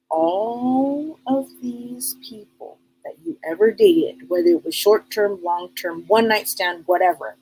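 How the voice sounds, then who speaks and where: A middle-aged woman with a husky voice at an ordinary pitch hosts a live psychic advice stream. She talks bluntly and casually, loops back over her words, and keeps asking rhetorical questions. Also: mellow, rough recording. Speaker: psychic reader and show host.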